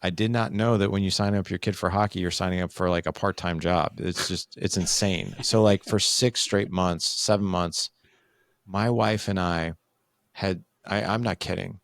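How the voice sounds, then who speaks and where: A man's voice: deep voice, moderate pace, dry recording, clean studio sound. A man in his forties, a podcast guest, telling a candid family story in casual conversation and acting out what people said. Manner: candid, animated, acts out quoted dialogue.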